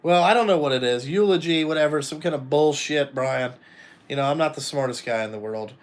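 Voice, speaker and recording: A man's voice: fairly high pitch, brisk. A man talking bluntly and casually to viewers, swearing often and rambling between topics. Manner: blunt, profane, rambling, addresses viewers directly. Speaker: trucking company owner and vlogger. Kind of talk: casual live chat.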